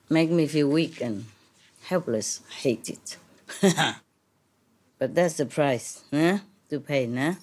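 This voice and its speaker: A woman talks very slowly to an audience, laughing often as she goes. Her English is broken, with French words slipped in, and a cough keeps catching her. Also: fairly low pitch. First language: not English. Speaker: spiritual teacher addressing an audience. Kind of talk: casual talk to an audience, joking.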